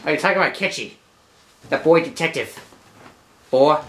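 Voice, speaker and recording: Low-voiced woman casually playing a game. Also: moderate pace, echoey room. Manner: chatty, stumbling over her words, reading game lines aloud. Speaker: gameplay commentator. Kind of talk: casual let's-play commentary. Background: game music.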